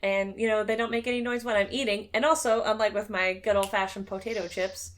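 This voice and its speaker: A woman's voice: mid-range voice, steady tone, brisk, a little hiss or hum. A woman hosting a casual chat show, talking in a chatty, joking way and swearing casually. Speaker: streamer and show host.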